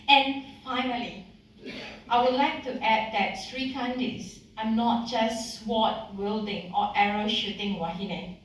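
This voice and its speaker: A woman's voice: a little high, slow pace, fairly bright tone, slight background noise. A woman in her thirties, from Singapore, giving a heartfelt personal speech to an audience at a community event. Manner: heartfelt, slightly emotional. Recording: echoey hall mic from some distance.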